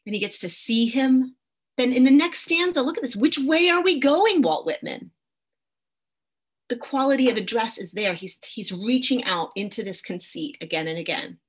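A woman's voice: mid-range voice, a bit bright, husky. A middle-aged woman teaching a poetry masterclass, enthusiastic and reading poems aloud with expression. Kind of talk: masterclass lecture with poem readings.

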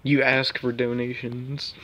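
Slow-talking laughing male commentator. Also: medium pitch, little pitch movement, a bit bright, slight background noise. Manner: laughs often while reading comments aloud. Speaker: YouTube commentary host. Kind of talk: casual reaction commentary.

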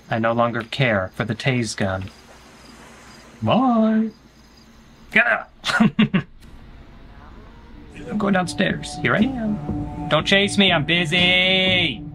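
A man's voice: medium pitch, a bit bright. A man streaming a horror game, joking and talking back to the game's characters in playful commentary.

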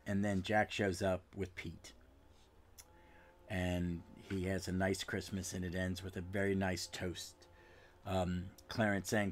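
A man hosting a podcast, giving a casual, rambling recap of a comic book issue, with frequent restarts and trailing asides. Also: on the low side. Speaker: podcast host.

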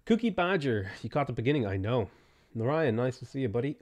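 A man's voice: medium pitch, big pitch swings, a little mellow. Guy streaming a game, reading off chat names and saying hi, voice bouncing up and down a lot, loose and chatty. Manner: greets chat viewers by name between game setup remarks; quick offhand answers to viewer questions. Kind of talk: casual live-stream chat.

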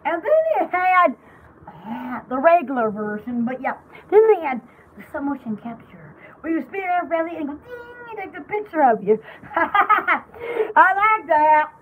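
A young woman chatting to her viewers on a casual live stream, giggly and rambling from one thing to the next. Her voice sits very high and swoops up and down a lot, with a faint hiss of noise behind it. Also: animated, normal speed, fairly bright tone, rough recording. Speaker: live-stream jewelry party host.

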